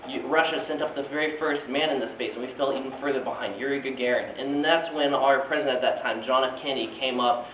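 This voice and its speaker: A young man earnestly gives a class presentation, using frequent filler sounds, captured from a distance in a classroom with a tinny, echoey sound. His medium-pitched voice stays steady and moves quickly with hardly any pauses, over a little hiss or hum.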